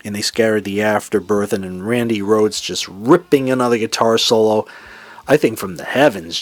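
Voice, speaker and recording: A man with a Boston accent hosts a casual classic rock commentary, his voice sitting on the low side. He talks with gusto, breaking into lines of songs. The sound is close and dry, with no room around it. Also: fairly bright tone, no room sound. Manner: enthusiastic, sings lyrics and imitates singers. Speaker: podcast host. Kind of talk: casual solo music commentary.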